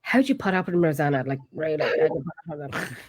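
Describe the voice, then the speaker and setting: An Irish woman with an Irish accent hosts a casual chat, chatty and lively as she greets viewers and reads their comments. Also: low voice, fast talker, slightly rough. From Ireland. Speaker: host.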